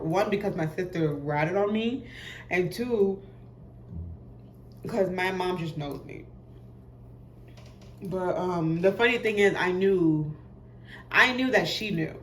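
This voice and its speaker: A young woman telling a casual storytime, animated and laughing, acting out voices in quotes. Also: on the low side, roomy sound, a little hiss or hum. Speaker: vlogger.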